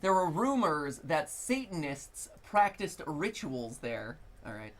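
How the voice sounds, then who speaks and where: A man with a Midwestern American accent co-hosting a live stream, commenting casually and handing out opinionated tips in quick, animated bursts. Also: on the high side.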